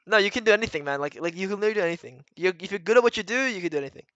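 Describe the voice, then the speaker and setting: Man, high voice, blunt, profane, rambling, casual stream coaching, dry close sound. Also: expressive, very fast, fairly bright tone, dry recording, muffled recording. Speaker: retired pro gamer coaching viewers. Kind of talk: casual livestream coaching talk.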